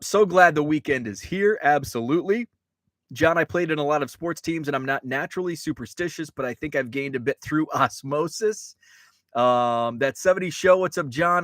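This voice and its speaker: A man's voice: mid-range voice, a bit bright, no room sound. A man hosting a casual live stream, reading chat messages and rambling through stories with plenty of fillers and restarts.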